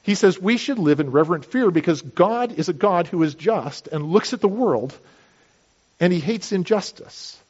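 A man's voice: high voice, lively intonation, normal speed, darkish tone, slightly rough, lo-fi sound. A man preaching a sermon in a conversational manner, explaining with everyday illustrations. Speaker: pastor.

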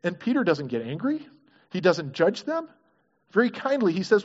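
This pastor has a high voice that swings hugely in pitch, moving at a moderate pace as he preaches and earnestly puts questions to his congregation. The recording quality is dull and lo-fi.

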